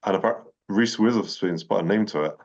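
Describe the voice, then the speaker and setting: A man with a very low voice drops wry, deadpan asides in a film chat. His audio sounds dull and muffled, as if the mic were recording lo-fi. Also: a little fast.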